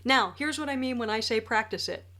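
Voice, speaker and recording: A woman's voice: fairly high pitch, expressive, brisk, sharp tone. A woman in her forties, a wedding speech writer, gives jokey, emphatic tips straight to the camera. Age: 40s. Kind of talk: direct-to-camera tips video. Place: home studio with a ring light.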